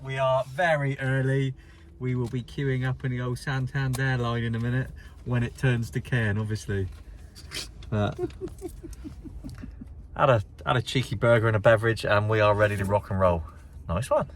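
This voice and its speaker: A man chatting casually as he vlogs a fishing trip, joking around in a relaxed way. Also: medium pitch, normal speed. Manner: chatty, jokey, laid-back. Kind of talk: casual vlog chat. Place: outdoors and in a car. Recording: lo-fi with noise.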